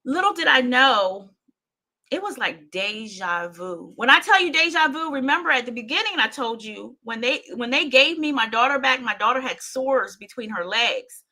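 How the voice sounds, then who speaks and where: A woman's voice: fairly high pitch, expressive, moderate pace, sharp tone. A woman hosting her own show, telling a painful personal story with intensity, often repeating herself and speaking straight to her listeners. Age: adult parent.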